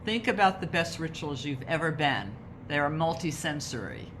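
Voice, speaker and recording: Low-voiced woman explaining rituals. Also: sing-song, moderate pace, noisy background. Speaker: ritual and wellness speaker. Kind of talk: conversational advice talk.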